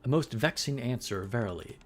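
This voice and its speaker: A man voicing a solemn female warrior who talks in formal, old-fashioned phrasing, reading game dialogue aloud in a lowered, quiet voice. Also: expressive, fairly quick, lightly acted. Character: solemn female warrior speaking archaic English.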